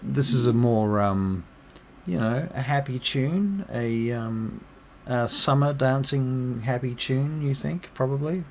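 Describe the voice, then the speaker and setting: Hesitant game master, room noise. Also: male voice, medium pitch, takes it slowly. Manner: hesitant, full of ums, chatty. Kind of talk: narrating a tabletop game.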